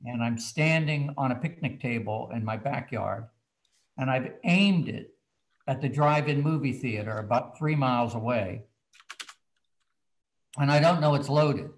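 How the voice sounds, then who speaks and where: A man, a children's book author, telling a story from his childhood in a casual, animated way. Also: medium pitch, measured pace, long pauses, low-quality recording.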